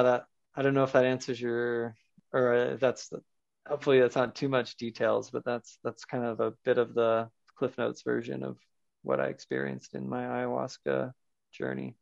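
Creaky-voiced man telling his story. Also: mid-range voice, no room sound. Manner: earnest, searching, loose with fillers. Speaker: podcast guest. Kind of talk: personal storytelling in an interview. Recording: dull lo-fi sound.

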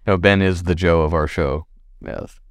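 A man's voice: sits low, fairly even intonation, moderate pace, no echo, studio quality. A man hosting a podcast in casual chat, crude and joking, rambling between topics. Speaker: podcast host.

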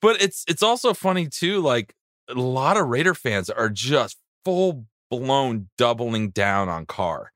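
A man co-hosting a sports podcast, giggling often and throwing in quick quips. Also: medium pitch, very animated, a bit bright, dry recording, clean studio sound. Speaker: podcast co-host. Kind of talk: casual chat.

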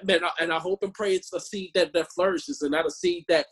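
A man, a Christian musician, telling stories in a casual chat, animated and fond of repeating words. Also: high voice, fast talker, husky. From born in Chicago, raised in Omaha. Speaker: Christian musician and street preacher.

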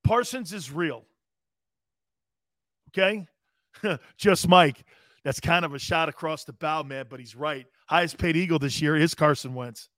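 A man's voice: on the high side, unhurried, long pauses, fairly bright tone, no echo, clean studio sound. A man hosting a live sports talk show, answering viewer comments in a brash, profane, combative way. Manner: combative, playfully needling callers and commenters.

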